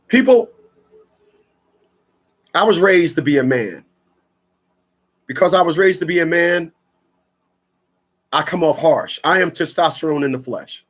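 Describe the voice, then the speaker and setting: A man's voice: on the high side, expressive, takes it slowly, long pauses, fairly bright tone. A man from Newark, hosting a radio talk show in a blunt, rambling, preachy monologue full of slang. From Newark, New Jersey.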